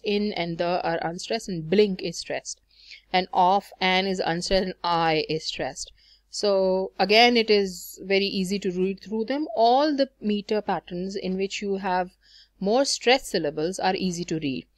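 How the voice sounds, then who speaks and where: A woman's voice: medium pitch, moderate pace, dry recording, clean studio sound. A woman teaching a lesson on poetic meter, explaining patiently with frequent fillers and self-corrections. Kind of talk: recorded lecture on poetry.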